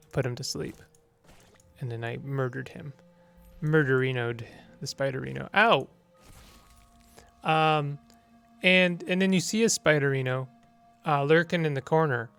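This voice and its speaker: A man's voice: fairly high pitch, gravelly, smooth. A man giving casual gameplay commentary, playful and rambling with joking asides. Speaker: let's play host. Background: faint game music.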